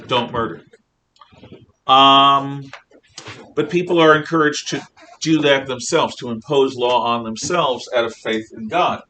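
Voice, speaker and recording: A man teaching a history class, lecturing in an emphatic, animated way. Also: mid-range voice, slight background noise. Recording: echoey room, mic far off.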